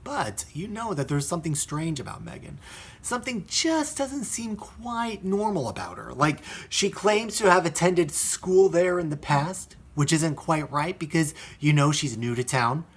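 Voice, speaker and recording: A man's voice: a little high, expressive, a little slow, husky. A man reviewing a film in a chatty style with joking asides. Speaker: film critic.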